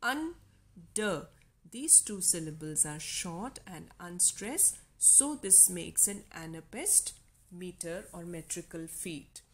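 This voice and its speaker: A woman with an Indian English accent giving a recorded literature lecture, slowly sounding out stressed and unstressed syllables. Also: on the low side. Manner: slow, deliberate, stresses syllables aloud.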